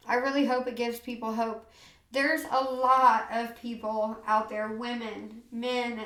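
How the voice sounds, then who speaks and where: A woman's voice: a little high, a bit bright, reverberant. A woman from the USA telling her personal story as an interview guest, earnest and tearful, repeating phrases and saying "you know" often. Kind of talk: emotional personal testimony.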